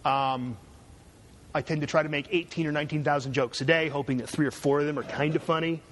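A middle-aged male professor lecturing a class, his voice sitting a little high for a man. He talks in a dry, sarcastic way and slips jokes into his points. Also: fairly even intonation, fast, a bit bright, a little hiss or hum. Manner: sarcastic, joking asides. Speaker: university lecturer.

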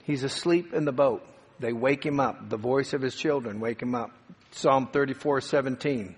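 A man preaching a sermon, swinging from dramatic raised cries to hushed, quiet passages. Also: medium pitch, normal speed, breathy edge. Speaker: pastor. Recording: long hall reverb.

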